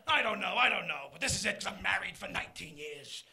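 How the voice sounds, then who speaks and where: A middle-aged man doing a live stand-up routine, punchy and loud, shouting his punchlines. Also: high voice, very animated, fast talker, vocal fry, hardly any pauses. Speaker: stand-up comedian.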